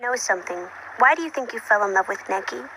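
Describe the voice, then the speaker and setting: A woman's voice: on the high side, expressive, fast talker, heavy background noise, close to an everyday voice. An actress voicing a frank teenage schoolgirl who presses a shy friend with blunt questions in an anime dub. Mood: probing. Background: loud background score.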